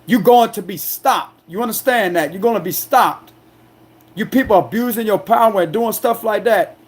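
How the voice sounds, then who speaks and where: A man delivering an angry, defiant monologue as a tarot reader, confrontational and forceful, repeating himself to drive points home. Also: sits high, moderate pace, slightly rough. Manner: loud, forceful, aggressive delivery.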